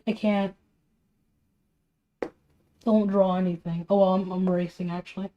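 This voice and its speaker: A woman's voice: mid-range voice, little pitch movement, normal speed, dull audio, a little hiss or hum. Young woman streaming while drawing, tired and annoyed, rambly rhetorical questions. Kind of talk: casual commentary while drawing.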